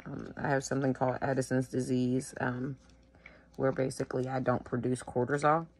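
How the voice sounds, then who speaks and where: A sick woman at home, wheezing and short of breath, talking casually to the camera in a tired, slow way. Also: rumbling low, little pitch movement. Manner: tired, slow, filler-heavy. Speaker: vlogger sharing her illness.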